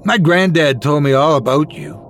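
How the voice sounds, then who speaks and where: A man's voice: on the high side, moderate pace, a bit bright, faint music behind, natural voice. A man voicing a brash, cruel teenage boy bully in a spoken horror story, taunting and snarling.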